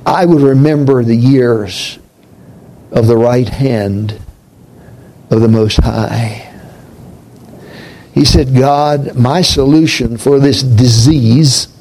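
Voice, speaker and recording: Male preacher, gravelly and unhurried, reflective sermon delivery that sinks to a near-hush. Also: mid-range voice, low-quality recording. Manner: slow, reflective, drops to a hush on key points.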